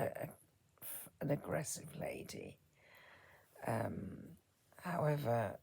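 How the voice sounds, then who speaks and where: A woman in her fifties speaking a personal reflection as a vlogger, soft-spoken and halting, her words often trailing into a whisper. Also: a bass voice, creaky, husky. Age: 50s.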